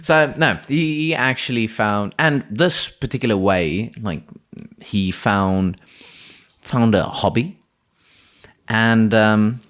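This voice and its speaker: A man's voice: fairly low pitch, slow pace, a bit bright. A man, co-hosting a podcast and telling an improvised story in a rambling way, often restarting his sentences. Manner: rambling, restarts, frequent laughter.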